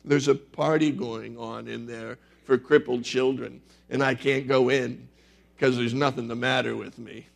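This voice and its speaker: A man's voice: medium pitch, fairly even intonation, measured pace, creaky. A man telling of a sobbing little girl. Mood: tearful. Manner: tearful, plaintive.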